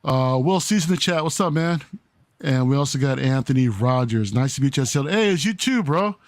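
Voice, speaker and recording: A man hosting a casual podcast livestream, shouting out chat viewers one by one in an easygoing way. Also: medium pitch, expressive, a little fast, no echo. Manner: greets chat viewers one by one, laid-back. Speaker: podcast host.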